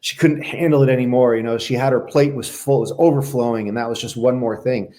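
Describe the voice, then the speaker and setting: A middle-aged man and former Navy SEAL, a podcast guest telling his life story in a candid, halting, reflective way. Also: medium pitch, fairly even intonation, mellow. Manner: reflective, halting, with many restarts.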